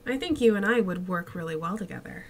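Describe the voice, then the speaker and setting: A woman voicing a sentient magic sword that tempts the hero with smooth, persuasive talk. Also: lowish voice, lively intonation, fast, background noise, pitched below the performer's own voice. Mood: coaxing.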